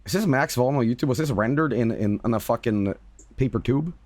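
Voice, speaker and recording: A streamer and voice actor chats casually on a livestream, speaking emphatically, repeating himself and swearing freely. His mid-range voice is brisk with a darkish tone, and the recording has no echo.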